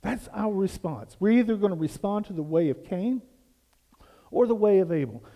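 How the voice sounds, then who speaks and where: A man's voice: high voice, expressive, normal speed, warm tone, long reverb tail. A man preaching a sermon as pastor, building emphasis through repeated questions and phrases. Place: church sanctuary.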